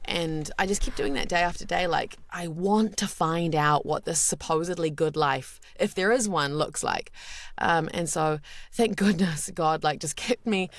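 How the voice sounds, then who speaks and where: Woman, thirties, New Zealand accent, candid interview guest, low voice, dry close sound. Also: expressive, normal speed, gravelly, dry recording. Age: 30s. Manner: earnest and candid, with many restarts. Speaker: guest voice actor. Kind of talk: casual interview chat.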